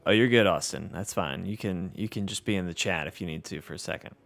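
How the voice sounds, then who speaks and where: Gravelly low-voiced Southern man streaming. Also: fast talker, a bit bright, faint music behind. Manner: easygoing, reads chat aloud, self-deprecating. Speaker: livestream host. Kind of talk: casual gameplay livestream chat.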